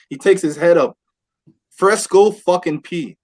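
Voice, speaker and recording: A man telling a wild story on a casual podcast with friends, animated and swearing, acting out what people said. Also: high voice, measured pace. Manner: animated, swears a lot, acts out quotes. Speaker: podcast host. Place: indoor podcast room with friends.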